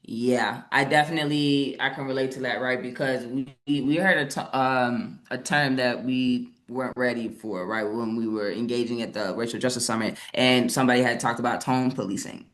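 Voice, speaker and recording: A woman's voice: extremely low pitch, fairly even intonation, normal speed, hardly any pauses. A woman co-presenting an online session over a video call, speaking passionately and emphatically and often tagging her points with "right?". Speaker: webinar co-presenter. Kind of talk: live online presentation discussion.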